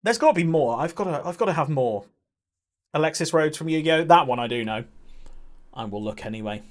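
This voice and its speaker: A man's voice: on the high side, animated, fairly quick. A young man chatting casually on a live stream, reacting to viewers and laughing often. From England.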